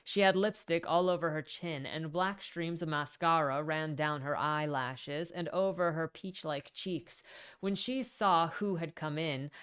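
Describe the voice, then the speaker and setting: A woman reading a novel aloud in an animated, casual way, stopping to correct her own slips. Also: deep voice, clean tone. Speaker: reader.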